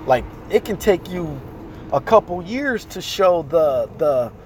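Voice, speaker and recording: A man hosts a casual live chat from inside a car, his talk loose, slangy and animated. His voice sits fairly high, and a faint hum of city noise hangs behind him. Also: takes it slowly. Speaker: host.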